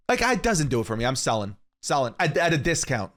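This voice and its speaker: A man's voice: fairly high pitch, sing-song, fast, hardly any pauses, fairly bright tone. A man co-hosting a casual podcast, giving rambling, opinionated takes with frequent restarts. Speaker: podcast co-host. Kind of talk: casual wrestling podcast chat.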